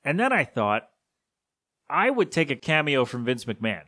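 A man hosting a solo podcast, talking casually and with strong opinions, often correcting himself and sometimes slipping into a gruff put-on voice for quick impressions. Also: mid-range voice, sing-song, sharp tone. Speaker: podcast host. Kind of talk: solo rambling podcast talk.

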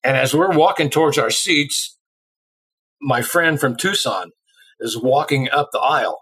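A middle-aged drummer from Illinois speaks a little slowly in a husky, mid-range voice, recounting a casual anecdote during an interview. He animatedly acts out the voices of those in the story, though the recording quality is low.

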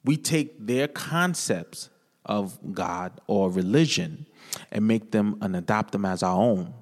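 A man tells his life story as a podcast guest, earnest and conversational, circling back on his own words. His voice sits fairly low. The room rings with a long, echoing reverb. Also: animated, slow pace. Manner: earnest storytelling with many repeated phrases. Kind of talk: personal testimony in casual conversation.

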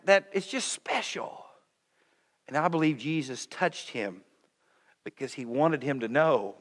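A man's voice: fairly high pitch, fairly bright tone, in a large hall. A young man preaching a sermon as pastor, earnest and intent, breaking into joking asides about his family. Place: church sanctuary.

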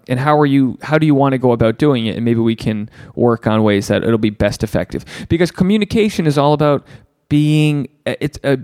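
A podcast host gives casual advice and answers listener emails with animated energy, swearing freely and performing the voices of the people he quotes. His pitch is medium, and the clean studio sound has no echo.

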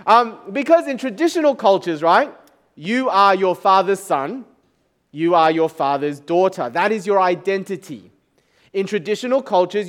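A man preaching a sermon as pastor, talking to the congregation in a conversational, joking way. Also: sits high. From Chinese background.

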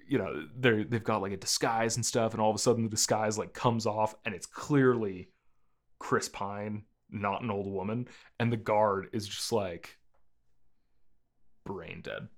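A young man in casual chat about a movie, relaxed and rambling, with lots of fillers and easy laughter. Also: lowish voice.

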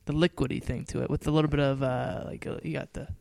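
A man's voice: medium pitch, fairly even intonation, fast talker, gravelly, darkish tone, dry recording, clean studio sound. A young man from Canada, co-hosting a podcast in casual chat, easygoing and agreeable, often trailing off mid-thought. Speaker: podcast co-host.

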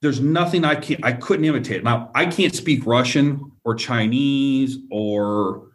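Man, mid-pitched voice, earnest first-person storyteller, repeats himself and keeps checking in with the listener. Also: unhurried. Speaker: guest telling a personal encounter.

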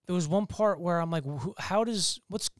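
Guy cohosting a movie podcast, kinda high smooth voice, swears a lot, acts out scenes, dry close mic. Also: normal speed, no echo. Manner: animated, swearing, quoting people in voices. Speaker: podcast co-host. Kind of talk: casual chat, film review.

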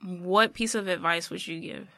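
Man, podcast host, gravelly edge, bright tone, dry close sound, casual filler-heavy talk. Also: high-pitched, normal speed, no echo. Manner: relaxed, trailing fillers like "like". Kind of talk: casual interview chat.

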